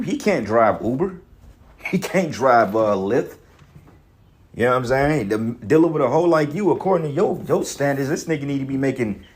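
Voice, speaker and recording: A man commentating on a video clip in an angry, profane rant, emphatic and full of restarts. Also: mid-range voice. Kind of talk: heated reaction rant.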